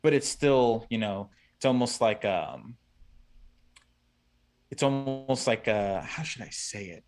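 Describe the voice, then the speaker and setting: A man talking as a podcast guest in a casual, halting way with many fillers. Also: mid-range voice. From Cuban family. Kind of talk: casual chat.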